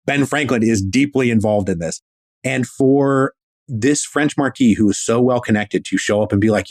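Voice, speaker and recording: A man's voice: medium pitch, moderate pace, a little mellow, no room sound. A man guest historian telling a story in a casual, enthusiastic, slangy way, acting out quotes.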